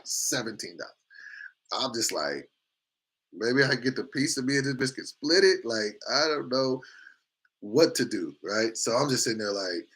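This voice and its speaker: A medium-pitched man hosting a morning show tells a story in a loose, animated, profane way. He acts out the lines of the people involved.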